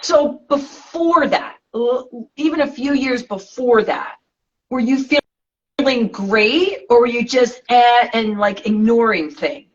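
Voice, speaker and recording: A woman hosting a podcast interview, prompting her guest with short encouraging questions in a breathy voice. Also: fairly high pitch, takes it slowly. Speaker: podcast host. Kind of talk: casual interview. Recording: dull lo-fi sound.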